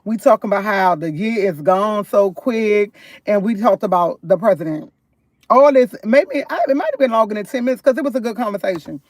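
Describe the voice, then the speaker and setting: A chatty woman talks straight to her viewers from inside a parked car, rambling through everyday stories. She laughs often and gets animated as she retells them. The sound is close and dry, with no room echo. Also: medium pitch, a little fast. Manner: rambling, chatty, keeps addressing viewers as y'all. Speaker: livestreamer. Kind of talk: casual live-stream storytelling.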